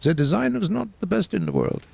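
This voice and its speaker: A man's voice: sits high, wildly swooping pitch, a little fast, vocal fry, a little mellow, breathy edge, no room sound. An older man with a mid-Atlantic accent chatting casually as a guest, with dry, teasing humor. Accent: mid-Atlantic English. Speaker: narrator guest. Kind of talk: casual chat.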